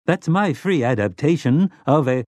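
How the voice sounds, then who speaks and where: A man's voice: on the high side, animated, moderate pace, darkish tone, no room sound, voice pushed up. A man voicing a complacent, prissy male robot servant with a silky edge in a storybook reading, in a dry room.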